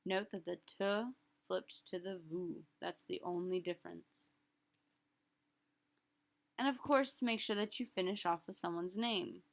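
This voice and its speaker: Slow, careful woman language teacher. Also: on the low side. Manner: slow, careful modeling of pronunciation, repeating phrases word by word; casual, friendly explanations. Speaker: French teacher. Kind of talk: recorded language lesson.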